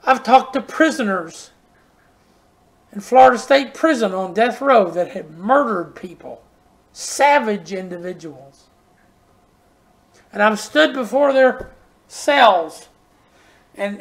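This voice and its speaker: An older man preaching a sermon, telling homespun stories and repeating words for emphasis, sometimes dropping to a soft near-whisper. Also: sits high, unhurried. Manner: folksy storytelling, repeats words when stressing a point.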